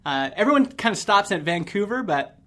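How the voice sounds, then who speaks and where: Laughing Canadian podcast host. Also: male voice, high voice, big pitch swings, fairly quick, a bit bright. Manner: rambling, laughs often. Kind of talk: casual podcast chat.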